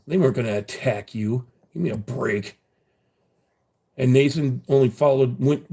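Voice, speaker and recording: A man's voice: mid-range voice, dark tone, breathy edge. Profane, rambling man on a livestream. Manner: taunting, profane, laughing at viewers; rambling with many fillers and restarts. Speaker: livestreamer reading chat. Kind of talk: casual livestream chat.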